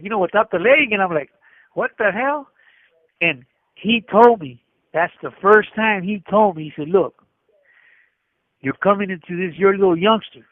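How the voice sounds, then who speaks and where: This middle-aged inmate, calling from a prison phone, rambles through a story full of restarts while acting out the dialogue. He speaks in a high-pitched voice, and the recording comes through a tinny, dry phone line.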